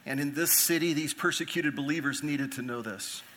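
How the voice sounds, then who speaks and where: Pastor guy preaching, bright forceful voice, a bit high, keeps asking the room questions. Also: moderate pace. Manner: earnest preaching with rhetorical questions; repeats phrases for emphasis. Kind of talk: expository sermon.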